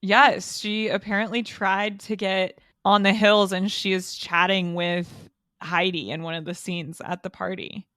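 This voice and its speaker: A woman's voice: mid-range voice, little pitch movement, unhurried, a bit bright, no room sound, studio quality. A woman co-hosting a casual podcast, chatty and giggly, with lots of "like" fillers. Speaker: podcast co-host. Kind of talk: casual chat.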